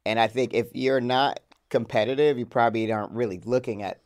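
A man's voice: medium pitch, steady tone, fairly quick, darkish tone. A man co-hosting a podcast in a laid-back, rambling casual chat, laughing often. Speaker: podcast co-host.

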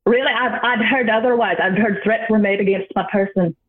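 A woman's voice: medium pitch, brisk, close to an everyday voice. Tuktok, a woman playing a wry goblin bard. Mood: mock-offended. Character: tiny male goblin bard, wry and aggrieved. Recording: tinny phone line.

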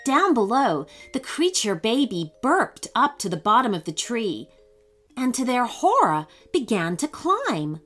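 Woman storyteller, children's story narration, slow and expressive, bright voice, faint music behind. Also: a little high. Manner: expressive, animated.

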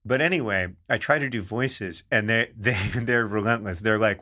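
A man with a notably bright, forward voice, talking in a relaxed podcast chat. He is middle-aged and his humor is wry and dry. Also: on the low side, moderate pace. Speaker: podcast co-host.

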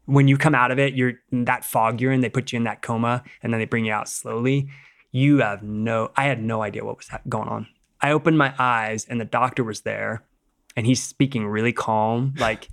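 Middle-aged man, podcast guest, gravelly creaky voice, casual rambling storytelling, acts out quotes. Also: mid-range voice, fairly even intonation, moderate pace, a bit bright. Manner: rambling retelling, acting out quotes, many "like"s.

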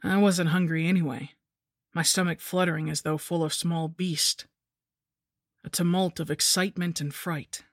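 A woman narrating a scripted horror story in a measured, somber way. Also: lowish voice, fairly even intonation, no room sound, clean studio sound.

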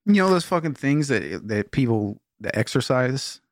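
A man co-hosting a comedy podcast, reading sales copy aloud with open mockery and plenty of swearing. His voice sits at an ordinary middle pitch. The recording is close and dry, with no room sound. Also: very animated, normal speed, no echo. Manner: reads product pitches aloud in a mocking tone; swears freely and laughs a lot. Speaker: podcast co-host. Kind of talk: casual comedic banter.

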